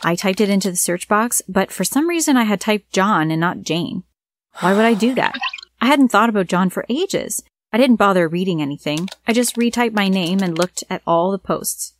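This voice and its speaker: A woman narrating a scripted first-person story with a plain, steady reading. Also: medium pitch, normal speed.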